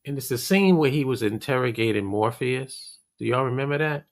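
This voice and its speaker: A man hosting, commenting casually in a relaxed, hesitant way with fillers. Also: medium pitch, brisk.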